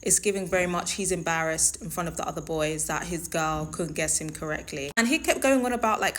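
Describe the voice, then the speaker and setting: A woman's voice: fairly low pitch, a little fast, hardly any pauses. Opinionated woman host. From London. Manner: opinionated, emphatic, conversational. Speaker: show host. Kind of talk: reality TV commentary.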